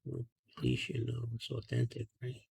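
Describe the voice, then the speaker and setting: A man softly telling a rambling story in a half-whispered ASMR style, talking casually with slang and fillers, outdoors at night on a close mic. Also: medium pitch, monotone, moderate pace, gravelly, husky. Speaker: ASMR channel host. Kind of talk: ASMR storytelling while coloring.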